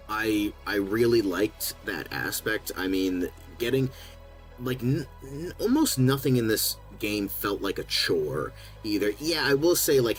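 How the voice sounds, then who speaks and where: A young man with a lowish voice co-hosts a podcast, chatting casually and rambling with plenty of fillers and restarts. The recording quality is low.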